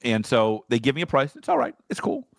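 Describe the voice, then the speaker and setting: A man's voice: medium pitch, brisk, dry recording. A man co-hosting a podcast, telling stories and joking in casual chat. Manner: joking, animated storytelling. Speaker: podcast co-host.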